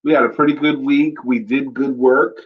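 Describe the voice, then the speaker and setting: A man co-hosting a casual faith-based talk show, expressive and affirming, laughing often. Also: mid-range voice, moderate pace, breathy edge, distant mic. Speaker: co-host. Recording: dull lo-fi audio.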